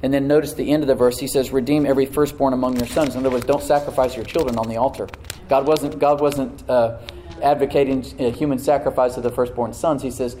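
Male pastor, middle-aged, mellow tone, emphatic sermon delivery with call-and-response. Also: medium pitch, fairly even intonation, quick pace, a little hiss or hum, low-quality recording. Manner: dramatic shifts between loud emphasis and hushed asides.

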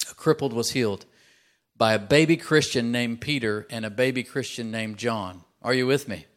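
A man preaching a sermon, telling stories and acting out his characters in a raised voice, building to loud, emphatic peaks. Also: moderate pace. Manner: acts out quoted characters in a higher voice. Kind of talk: sermon with storytelling.

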